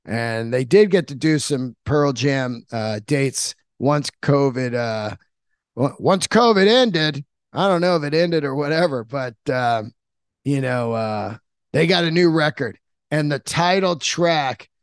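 Brief: excitable, foul-mouthed male podcast host talking off the cuff, close dry mic. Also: fairly high pitch, slow pace, clear, resonant tone, dry recording. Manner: rambling, profane, enthusiastic. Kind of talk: casual monologue.

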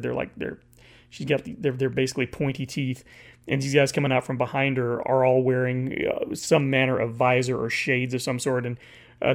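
Gravelly man recapping a comic. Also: mid-range voice. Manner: halting, restarts often, reads panel dialogue aloud. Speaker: comic book reviewer.

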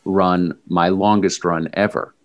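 Guy with a really low voice chatting about a long run, tells it like a story. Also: takes it slowly, slight background noise. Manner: animated storyteller, mimics shouting. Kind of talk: casual chat recounting a run.

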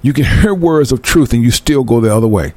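A man leading a verse-by-verse bible study, reading verses slowly and then explaining them in loose, fired-up street talk. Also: medium pitch, animated, darkish tone, no room sound. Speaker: scripture teacher.

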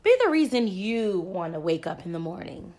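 A woman's voice: on the low side, very animated, normal speed, heavy background noise. A woman co-hosting a casual chat, talking bluntly with slang and swearing. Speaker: podcast co-host.

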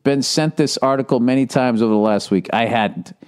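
A man's voice: medium pitch, fairly quick, smooth. A man hosting a podcast in casual chat, swearing often and ranting in mock outrage. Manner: profane, animated, mock-outraged. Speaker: podcast host.

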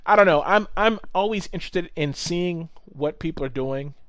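A man telling a story in casual chat, animated, swearing often and acting out what people said. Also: a little high, normal speed, dry recording.

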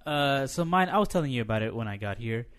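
A man's voice: mid-range voice, expressive, fast, a bit bright, clear, resonant tone. A man on a podcast, talking in a subdued and hesitant way in casual chat.

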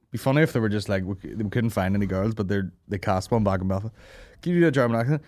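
A man's voice: lowish voice, brisk, darkish tone, no echo. A young man with a Northern Irish accent, hosting a comedy podcast, swearing freely, laughing and slipping into mocking voices. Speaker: podcast host.

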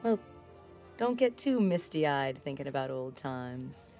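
An actress playing an elderly former heroine, wry and self-mocking, in a film clip with faint music. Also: female voice, a bass voice, very animated, takes it slowly, warm tone, heavily acted. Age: older.

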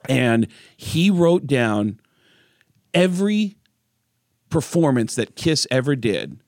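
A man's voice: medium pitch, slow, no echo, studio quality. A man, a stand-up comedian, telling an anecdote on a podcast and acting out the voices of the people in it. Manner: animated storyteller, acts out voices.

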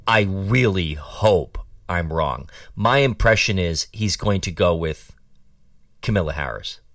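A man's voice: deep voice, expressive, a little slow, fairly bright tone, dry recording, clean studio sound, recorded from a distance. A man hosting a talk show and giving opinionated political commentary in a sarcastic, mocking, rambling way.

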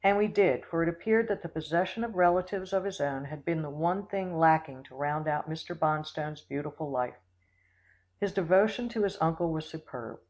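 An audiobook reader narrating a classic story in a steady, measured way. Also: medium pitch, rough recording. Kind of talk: scripted narration.

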